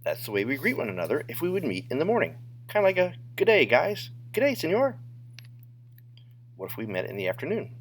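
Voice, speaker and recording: A man teaching a Spanish lesson, modeling phrases slowly and drawing them out. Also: medium pitch, a little hiss or hum. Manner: animated, drawn-out modeling of phrases. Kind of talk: classroom lesson narration.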